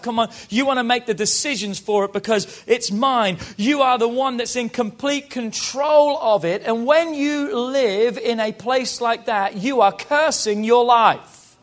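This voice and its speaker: A British man preaching as a pastor, rousing and calling on the congregation to repeat lines after him. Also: very high-pitched. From Britain. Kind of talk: sermon.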